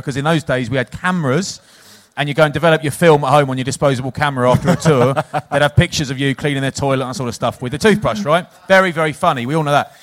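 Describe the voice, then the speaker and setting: A former rugby player co-hosting a casual chat, telling jokey stories about tour pranks. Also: male voice, mid-range voice. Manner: lively storyteller, jokey.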